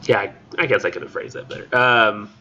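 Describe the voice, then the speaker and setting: Bright-voiced casual male instructor. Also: fairly low pitch, brisk, slight background noise. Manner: casual and chatty, heavy use of "like". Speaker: college literature instructor. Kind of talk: classroom lecture with poetry reading. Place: classroom. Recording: dull lo-fi classroom recording.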